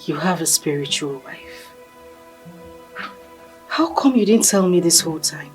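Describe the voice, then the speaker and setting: A woman's voice: sits low, animated, measured pace, soft background music. A Nigerian-accented woman playing a troubled wife who questions her husband. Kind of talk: Nollywood film acting.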